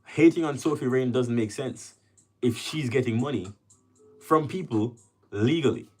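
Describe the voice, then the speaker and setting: A man's voice: medium pitch, unhurried, a little mellow, slightly rough, soft background music. A man from Jamaica with a Jamaican accent, hosting a casual livestream and chatting with viewers as he reads their comments aloud. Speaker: livestream host.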